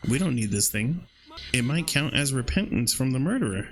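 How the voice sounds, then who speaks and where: A man's voice: medium pitch, big pitch swings, brisk. A man playing a horror game and reading its dialogue aloud, with casual, slangy reactions in between. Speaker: gaming video creator.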